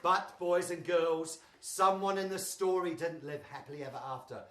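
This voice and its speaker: A woman performing a live storytelling show for young children, animated, making sound effects and getting the audience to join in. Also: on the low side, normal speed. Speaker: children's entertainer. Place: large hall with a live audience. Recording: echoey hall, far mic, crowd noise.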